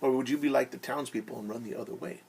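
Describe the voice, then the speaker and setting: A young man teaching children, musing aloud with gentle questions during story time. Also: mid-range voice, fast talker, vocal fry, a little hiss or hum.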